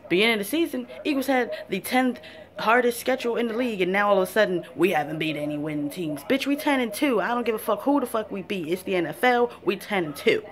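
Female fan vlogger, angry profane football rant, mid-pitched voice. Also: lively intonation, quick pace. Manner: fired-up, cursing, blunt.

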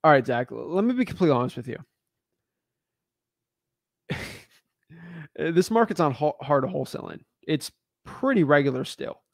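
A man's voice: a little high, sing-song, moderate pace, vocal fry, pauses often, dry recording, clean studio sound. A man hosting a live stream, talking bluntly and emphatically in a slangy, casual way and taking callers. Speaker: host.

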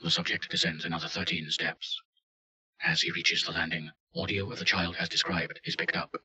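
A man giving deadpan scripted narration of a report. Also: low voice, moderate pace, low-quality recording.

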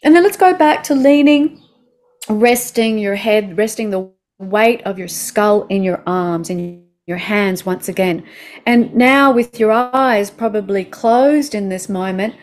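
A woman with an Australian accent guiding a slow body-awareness lesson, speaking soothingly and asking the listener gentle questions. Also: medium pitch. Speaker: movement instructor.

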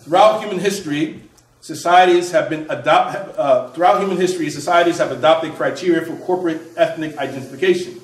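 A man reading aloud from his own book, measured, pausing to restart phrases and add asides. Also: on the high side, reverberant, far from the mic, poor audio.

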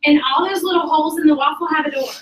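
A woman's voice: high-pitched, quick pace. A woman gives a chatty motivational talk to a group as a sales director, often calling them "y'all". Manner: chatty, animated, addresses the audience as "y'all". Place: meeting room with an audience. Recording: roomy sound from a distance.

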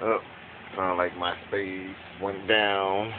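A man filming his dogs at home on a handheld camera, giving an excited, laughing, profane running commentary that turns quieter near the end. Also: slow pace, phone-quality sound, noisy background. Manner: quieter and lower toward the end. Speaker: dog owner filming his pets. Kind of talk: casual home video commentary. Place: room in a home with a bed.

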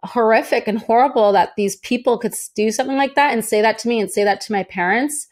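Young woman guest, slightly high voice, animated conversational storyteller. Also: quick pace. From United States. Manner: chatty, animated, acts out quoted voices. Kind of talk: casual interview storytelling.

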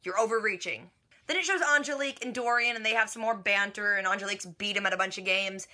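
A woman's voice: mid-range voice, fairly even intonation, fast talker, sharp tone. A young woman casually recapping a TV episode, slangy and chatty, with "like" sprinkled everywhere. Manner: chatty, slangy, filler "like" throughout. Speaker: TV reaction vlogger.

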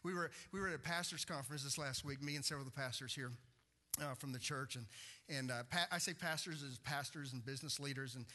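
Bright-voiced pastor preaching. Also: male voice, medium pitch, quick pace. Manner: conversational storytelling with repeated restarts. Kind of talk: sermon.

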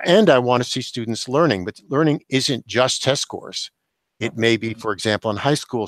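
An older man, a professor and author, giving measured, explanatory answers as a guest in an interview. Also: mid-range voice, a bit bright, no echo. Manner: measured, explanatory, occasional chuckle.

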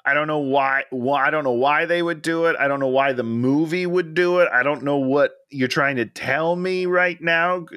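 Male co-host, bright and lively, hesitant puzzled film talk, dry recording. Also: fairly high pitch, moderate pace, few pauses, clear, resonant tone, no echo. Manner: hesitant, puzzled, jokey, repeats "I don't know". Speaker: podcast co-host. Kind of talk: casual film discussion chat.

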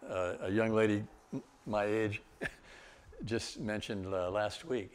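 A man's voice: lowish voice, takes it slowly, pauses often. An older man, a guest speaker, telling travel stories in a loose, rambling way with chuckles and restarts. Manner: rambling, with laughs and many restarts. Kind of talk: storytelling talk.

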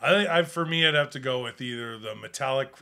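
A man's voice: medium pitch, brisk, creaky, pushed and bright. A man co-hosting a casual comedy chat show, playful and joking, laughing often. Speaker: co-host.

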